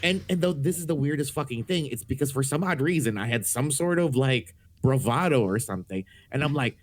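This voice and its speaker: A man on a podcast panel telling a story in a relaxed way, with lots of fillers and swearing. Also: medium pitch, brisk, few pauses. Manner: laid-back, swears freely, many fillers. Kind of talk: casual storytelling.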